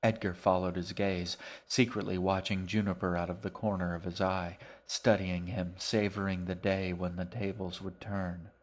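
Guy narrating his novel, low voice, slow and pretty flat. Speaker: author reading his own novel. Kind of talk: scripted narration of a serialized novel podcast.

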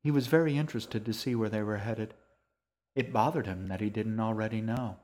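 A man reading his own novel aloud as the narrator, in slow, measured scripted narration. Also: fairly low pitch, a little mellow. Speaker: author and narrator.

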